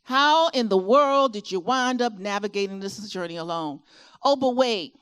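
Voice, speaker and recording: In a clear, resonant, mid-range voice at a moderate pace, a middle-aged woman from Virginia with a Southern accent animatedly motivates caregivers at an expo. Addressing a live audience in the expo hall, she asks them questions often, with a rising and falling delivery.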